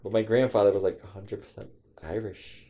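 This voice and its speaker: A man co-hosting a podcast, chatting casually and telling stories in a blunt, crude, deadpan teasing way. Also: lowish voice, fairly quick. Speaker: podcast co-host. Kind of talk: casual podcast chat, storytelling.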